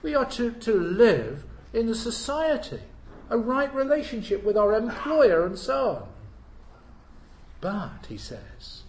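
A male preacher with a high, lively voice that climbs and dips widely as he preaches to his congregation. He puts questions to them and shifts between forceful, loud emphasis and quiet, hushed asides. There is faint noise behind him in the church. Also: slow, echoey room, poor audio. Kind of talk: sermon.

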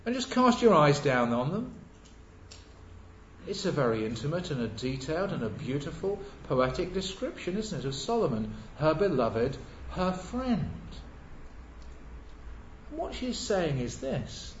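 An earnest preacher delivers a sermon, leaning on rhetorical questions and repeated key words. His fairly high voice swings widely in pitch. The recording is roomy and slightly muffled. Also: very animated, a little slow, slight background noise. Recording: echoey, dull lo-fi church recording.

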